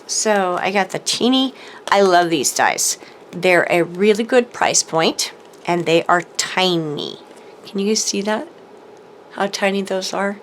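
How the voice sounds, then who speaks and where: Slow, chatty woman showing craft supplies. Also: lowish voice, slight background noise. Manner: chatty, enthusiastic, frequent ums and laughs. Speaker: crafting channel host. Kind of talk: casual haul video chat. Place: home craft room, showing products to camera.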